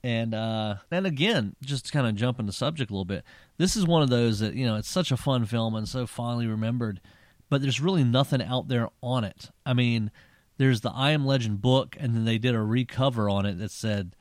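A man's voice: medium pitch, a little fast, no room sound, clean studio sound. Chatty man retelling a story. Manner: animated storyteller, many restarts. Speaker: podcast co-host. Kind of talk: casual film chat.

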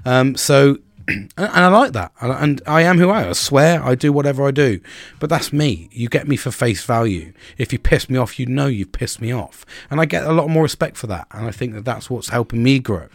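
A man's voice: mid-range voice, expressive, a little fast, no room sound. A middle-aged man hosting a podcast, talking candidly and bluntly in a casual monologue, swearing often and repeating words as he starts sentences. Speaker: podcast host.

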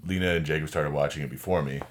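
A man's voice: a bass voice, steady tone, fast, a little hiss or hum. A man co-hosting a podcast in casual chat over drinks, with dry, teasing humor. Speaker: podcast co-host.

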